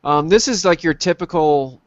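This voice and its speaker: A man hosting a casual chat about old games, rambling with many pauses and ums. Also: fairly high pitch. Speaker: podcast host. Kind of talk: casual chat over gameplay. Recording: dull lo-fi sound, dry.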